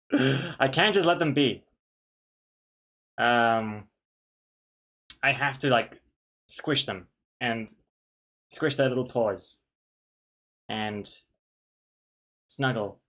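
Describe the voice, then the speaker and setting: A man's voice: medium pitch, a bit bright. Laid-back man chatting while he draws. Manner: rambling, self-mocking, reads out chat messages and greets viewers. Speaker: streamer drawing a webcomic. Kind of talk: casual chat while drawing on a live stream.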